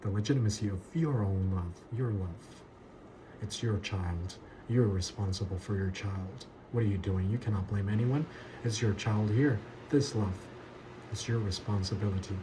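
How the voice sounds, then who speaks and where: A man's voice: on the low side, normal speed. A man teaching an expository Bible lesson as a pastor, emphatic and repeating key words for stress. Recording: noticeable background ambience noise.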